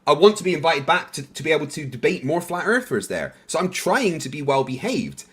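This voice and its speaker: A man in a played clip explaining himself in a casual discussion, halting and stumbling over words. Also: fairly high pitch, big pitch swings. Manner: halting, self-justifying, restarts words. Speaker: debate guest in a played clip.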